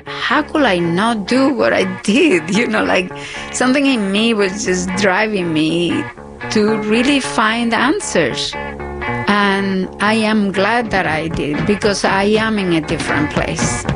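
A woman's voice: mid-range voice, slow pace, poor audio. Older woman telling her story, candid and emphatic, music playing under her. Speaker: interviewee, former punk drummer. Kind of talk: reflective interview.

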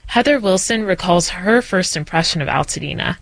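A woman reporter giving clear, steady news narration. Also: fairly low pitch, a little fast, no room sound.

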